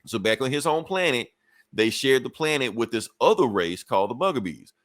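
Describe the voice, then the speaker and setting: A man's voice: medium pitch, lively intonation, a little fast, a bit bright, dry recording. A man reviewing a comic book in a casual, profane way, chuckling between points as he retells the story.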